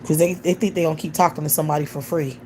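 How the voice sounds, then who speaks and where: Low, dark-voiced woman ranting profanely. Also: steady tone, very fast, slight background noise. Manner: blunt, profane, heated. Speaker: livestream host. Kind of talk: ranting livestream commentary. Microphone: computer or phone mic on a livestream.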